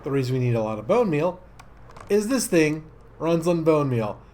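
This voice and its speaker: Excitable high-voiced male gamer. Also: normal speed. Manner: rambling and easily excited, many fillers. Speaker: Minecraft let's-play host. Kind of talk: casual gameplay commentary.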